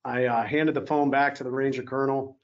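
A man's voice: medium pitch, fairly even intonation, a little fast. A man giving a motivational talk at an evening event, telling a personal story in an earnest way and acting out what officers said to him. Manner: earnest, acts out quoted officers. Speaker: keynote speaker. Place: event hall. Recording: slightly dull lo-fi sound.

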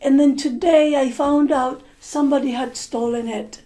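A woman's voice: high voice, fairly even intonation, normal speed, mellow, a little hiss or hum, close to an everyday voice. A woman telling of a distraught miser man. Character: distraught male miser who lost his gold.

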